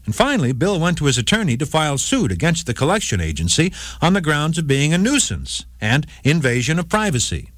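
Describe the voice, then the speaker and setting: A man's voice: a little high, big pitch swings, brisk, hardly any pauses, a bit bright, no echo, clean studio sound. A man hosting a short radio segment on the law, telling a court case in scripted narration. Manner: storytelling, voices quoted speakers lightly. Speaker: legal segment host.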